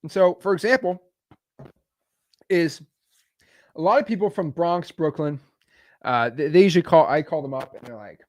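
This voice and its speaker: A man giving a casual coaching talk on cold calling, chatty, with quick asides and frequent laughs. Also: on the high side, darkish tone, dry recording.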